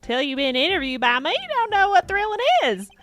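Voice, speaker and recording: A woman's voice: high voice, big pitch swings, brisk, a bit bright. A woman voicing a goofy, nerdy, pushy male reporter, reading game dialogue in a drawling, showy way with old-timey slang.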